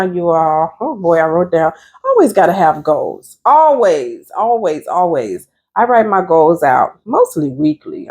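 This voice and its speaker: Lively low-voiced woman life coach. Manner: chatty and emphatic, addresses viewers as "you all". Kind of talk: motivational vlog talk.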